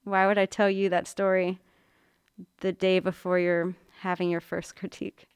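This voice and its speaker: Animated woman telling a story. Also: lowish voice, normal speed, clean tone, dry recording, studio quality. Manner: animated storyteller, acts out quotes. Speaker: art teacher and mother. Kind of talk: casual storytelling chat.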